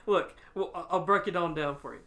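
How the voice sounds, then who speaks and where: A man co-hosting a podcast, telling a story in casual chat, laughing often and acting out quotes loudly. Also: high-pitched, brisk, a loud crowd. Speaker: podcast co-host.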